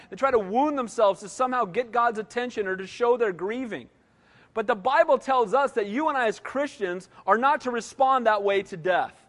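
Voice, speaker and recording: A man's voice: very high-pitched, fairly bright tone. A man in his sixties preaching a sermon emphatically, often asking the congregation "Amen?". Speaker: pastor. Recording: long reverb of a large hall.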